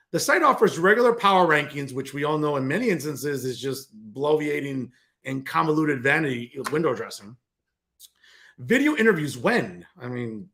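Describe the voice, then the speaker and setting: A man with a New Jersey accent hosts a political commentary show. He rants with open sarcasm and scoffing disbelief. His voice sits high for a man and swings widely in pitch. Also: a bit bright.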